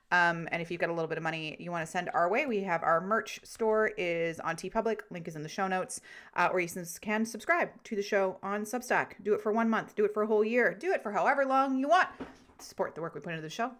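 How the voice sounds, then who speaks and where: Woman podcast host, gushy and animated, casual chat. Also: mid-range voice. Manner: gushing, animated, casual profanity.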